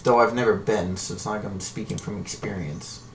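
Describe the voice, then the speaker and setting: A man's voice: lowish voice, fairly even intonation, brisk. A man hosting a live trading stream, talking casually and ramblingly in a slangy way. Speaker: livestream stock trading host. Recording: distant from the mic with faint noise.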